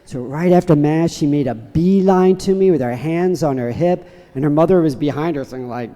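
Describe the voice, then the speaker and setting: A man's voice: on the high side, fairly quick, warm tone. A man, a priest, giving a sermon with a humorous story in a church. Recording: church reverb.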